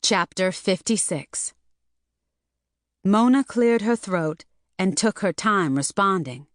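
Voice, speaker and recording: Woman, audiobook narrator, slow measured reading, dry close sound. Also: mid-range voice, expressive, no room sound. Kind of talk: scripted narration.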